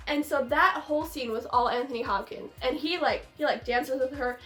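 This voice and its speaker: A young woman with a high voice talks through a film in casual, lively chat, often slipping into mock quotes of its characters. The room rings with echo, and faint music sits underneath. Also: brisk, hardly any pauses. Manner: animated, laughing, acts out lines from the film. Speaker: host. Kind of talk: casual movie discussion.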